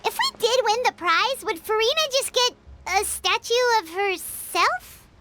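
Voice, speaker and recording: A woman's voice: very high voice, sing-song, measured pace, sharp tone, soft background music, full character voice. A woman voicing a chirpy little floating girl companion in a video game who talks about herself in the third person. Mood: chatty.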